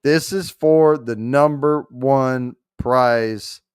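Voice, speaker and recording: Slow-talking joking male host. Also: mid-range voice, smooth, no echo, clean studio sound. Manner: joking, loose, swears mildly while fumbling with the screen. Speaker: show host running a prize giveaway. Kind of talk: casual livestream chat.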